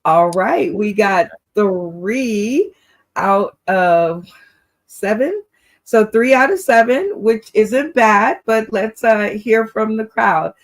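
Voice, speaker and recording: A woman hosts an online comedy game show, keeping score and handing the floor to the judges. She speaks slowly and in an unhurried way. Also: medium pitch, lively intonation. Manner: unhurried, encouraging announcements.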